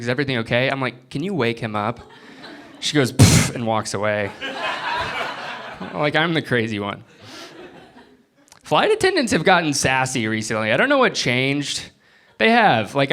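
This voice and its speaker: Animated male stand-up comic. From Florida. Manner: animated, jumps into high-pitched bits when acting out people. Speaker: stand-up comedian. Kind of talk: stand-up comedy set. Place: comedy club stage before a live audience. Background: audience laughter.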